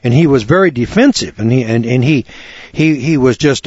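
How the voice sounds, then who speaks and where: A man telling a folksy, animated story in a lecture, acting out both sides of a conversation. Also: mid-range voice, normal speed, no room sound, highs cut off. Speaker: speaker on law and scripture.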